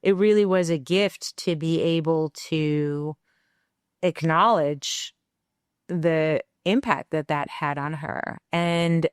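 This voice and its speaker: Smooth-voiced woman telling a candid story. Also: low-pitched, slow, no echo, studio quality. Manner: animated, acts out quoted dialogue; reflective and candid. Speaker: parenting podcast co-host. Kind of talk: conversational storytelling.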